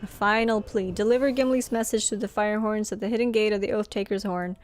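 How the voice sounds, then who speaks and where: A woman's voice: mid-range voice, steady tone, quick pace. A woman from Norway, chatting casually and giggling often while live-streaming a game.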